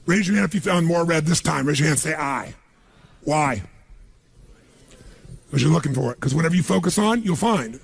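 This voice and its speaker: Raspy, gravelly motivational speaker. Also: male voice, on the high side, expressive, brisk, long pauses. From United States. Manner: emphatic, calls on the crowd to answer. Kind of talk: live seminar speech to an audience.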